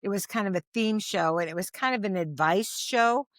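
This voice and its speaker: This is an older woman in her sixties, a longtime comic, telling stories on a podcast. She talks in loose, meandering sentences full of fillers and restarts. Her voice sits in an ordinary middle pitch, and the room sound is dry and close. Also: normal speed, dry recording. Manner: rambling, frequent restarts and fillers. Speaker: stand-up comedian guest. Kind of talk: casual anecdotal storytelling.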